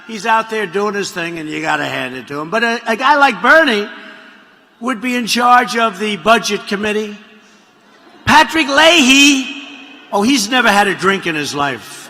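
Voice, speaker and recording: A man with a high, animated voice, pushed and bright, speaks at normal speed during a political rally in a large venue. His speech rambles and mocks, repeating lines and drifting into asides, heard through reverberant hall audio.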